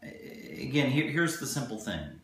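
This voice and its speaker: A man giving relationship advice in a casual, earnest coaching tone, slowing down for key points. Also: medium pitch, sing-song. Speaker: relationship video co-host. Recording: very echoey room.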